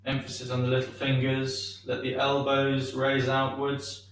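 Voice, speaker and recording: Slow, gentle man leading stretches. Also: medium pitch, completely flat delivery, slight background noise. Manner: gentle, unhurried guiding with many ums. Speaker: shiatsu teacher. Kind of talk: guided movement class. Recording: echoey room, far from mic.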